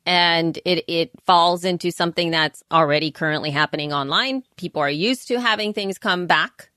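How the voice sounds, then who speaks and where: A woman's voice: lowish voice, moderate pace, bright, forceful tone, no echo, studio quality. A woman co-hosting a podcast in casual chat, talking at length with frequent restarts. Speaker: podcast co-host.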